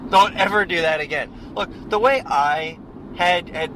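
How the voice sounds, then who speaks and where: A man's voice: on the high side, normal speed, poor audio. A man co-hosting a podcast, talking casually and emphatically in a car, rambling through his opinions. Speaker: podcast co-host. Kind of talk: casual chat. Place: inside a car on the road. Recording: loud road noise in a car.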